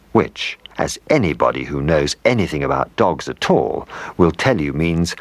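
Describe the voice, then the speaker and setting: Deep, husky man reading a storybook. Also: big pitch swings, moderate pace, few pauses, dry recording. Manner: playful, asides to the listener.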